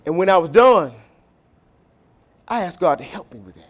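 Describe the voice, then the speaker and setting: A pastor preaches in a church, his voice sitting well above the usual male register. He lurches between loud, emphatic lines and hushed, low asides, drawing out the words he wants to land. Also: expressive, moderate pace. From Southern United States. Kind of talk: sermon. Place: church sanctuary.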